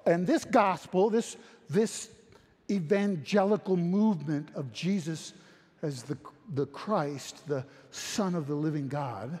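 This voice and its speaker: A man's voice: a little high, takes it slowly, darkish tone, husky, in a large hall. A man preaching a sermon as a pastor, emphatic and repetitive, often restarting his phrases.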